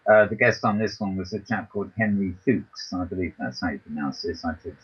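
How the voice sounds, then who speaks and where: A man's voice: low voice, fast, slightly rough, dull audio. A man hosting a talk show, reading a news roundup and hesitating often with ums and restarts, over a voice call from his computer. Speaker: podcast host.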